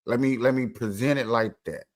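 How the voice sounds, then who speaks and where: A man's voice: mid-range voice, fairly even intonation, brisk. A man in a casual heated debate on a live stream, talking emphatically and repeating himself to get the floor.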